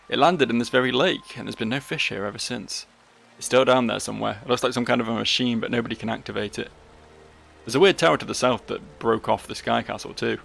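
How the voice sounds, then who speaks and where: A man's voice: medium pitch, vocal fry, a bit bright. A man voicing a worried middle-aged village wife in a fantasy game, raising his voice for her.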